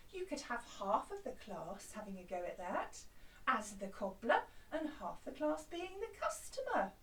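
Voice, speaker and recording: A woman music teacher giving a lively, encouraging lesson to young children, chanting along with them. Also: on the high side, far from the mic. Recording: roomy, from off mic.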